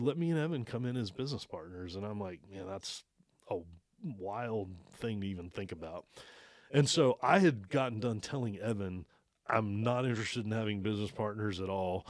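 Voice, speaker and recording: In a studio-quality recording with no room sound, a lowish-voiced man speaks at a normal pace. He runs an archery shop and is a guest in a casual interview, where he tells a story easygoingly, laughing a lot and acting out the dialogue of people he quotes.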